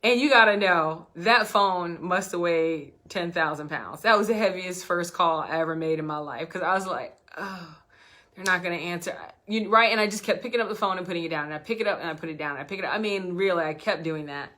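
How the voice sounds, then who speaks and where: A woman's voice: on the low side, brisk. A woman business coach telling a story straight to camera, acting out both sides of the conversations as she goes. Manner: animated storytelling, acts out dialogue. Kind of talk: direct-to-camera business talk.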